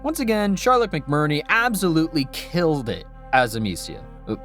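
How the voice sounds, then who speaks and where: A man's voice: fairly high pitch, very animated, normal speed, music in the background. A man narrating a scripted video game review with dry, sarcastic asides.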